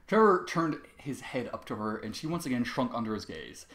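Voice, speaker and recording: A man reading a fan fiction story aloud with expressive, dramatic delivery. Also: medium pitch, a little fast, hardly any pauses, roomy sound.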